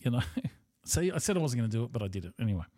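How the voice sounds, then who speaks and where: Australian male host, casual monologue, swears freely, rambles, mid-pitched voice, dry close sound. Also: big pitch swings, rapid-fire, mellow, no room sound. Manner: rambling, profane and blunt.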